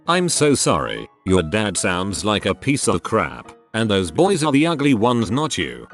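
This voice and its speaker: Lively low-voiced man narrating stories. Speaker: story narrator. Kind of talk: reading internet stories aloud.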